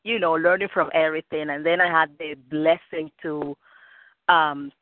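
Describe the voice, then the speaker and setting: A Cuban-accented woman speaking as a guest on a community call. She pauses with fillers and laughs often. Her voice reaches us through a dry, tinny phone line. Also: sits low, fairly even intonation, no echo. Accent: Cuban Spanish. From Cuba. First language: Spanish. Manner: warm-hearted, laughs often, halting with fillers. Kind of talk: casual call talk.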